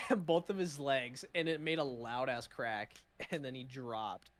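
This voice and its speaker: A man's voice: mid-range voice, fairly even intonation, measured pace. A young man co-hosting a casual podcast, telling funny stories, swearing and laughing as he goes. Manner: laughs through his own stories, swears freely. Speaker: podcast co-host. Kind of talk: casual chat.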